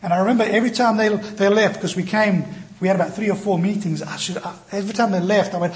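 A male pastor preaching a sermon, telling a personal story in an animated, self-deprecating way and acting out the voices in it. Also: high-pitched, quick pace, hardly any pauses. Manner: animated, self-deprecating, acts out quoted dialogue. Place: church.

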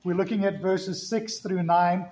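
A middle-aged South African man preaches a storytelling sermon, tossing out rhetorical questions. His fairly high voice rings around a roomy church sanctuary. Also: steady tone, measured pace, darkish tone. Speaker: pastor.

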